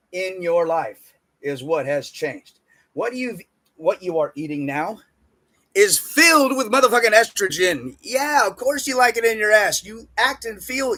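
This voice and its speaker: A man delivering a profane, emphatic motivational rant about diet and spirituality, swinging between loud bursts and muttered asides. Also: sits high. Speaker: self-help speaker.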